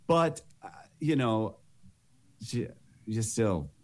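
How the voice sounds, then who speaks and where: A man's voice: lowish voice, big pitch swings, extremely slow. A man talking casually as a panelist, with lots of fillers and restarts. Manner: casual, many likes and you knows, restarts. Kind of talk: casual discussion.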